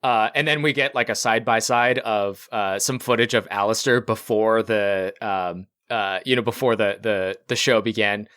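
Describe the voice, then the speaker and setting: A man running a tabletop game as game master, narrating scenes in a relaxed, supportive way with frequent fillers. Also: fairly low pitch, normal speed, few pauses, no echo, studio quality.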